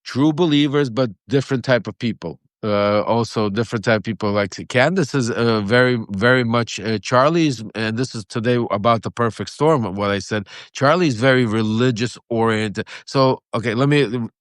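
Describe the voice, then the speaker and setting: A male interview guest speaking in a rambling, halting way with many fillers and restarts. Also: medium pitch, no echo, studio quality. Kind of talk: political commentary interview.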